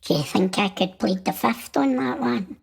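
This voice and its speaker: A man's voice: very high-pitched, creaky, slightly rough, voice pushed up, exaggerated voice. A man voicing a cheeky, hot-tempered male Martian guest. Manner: cheeky, quick to anger.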